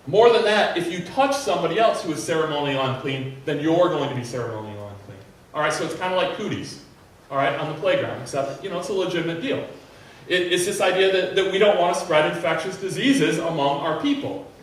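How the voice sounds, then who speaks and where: A man preaching in an animated way, his voice pitched high. He is recorded in a church sanctuary with heavy echo. The mic sits some way off. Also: a little hiss or hum. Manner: animated preaching, acting out a desperate leper's plea. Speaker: pastor. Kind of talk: sermon. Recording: very echoey hall, mic at a distance.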